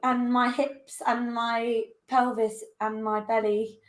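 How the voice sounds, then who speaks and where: A woman's voice: a little high, flat delivery, slow pace. A woman guest in an improvised comedy game, answering hesitantly and with playful giggles.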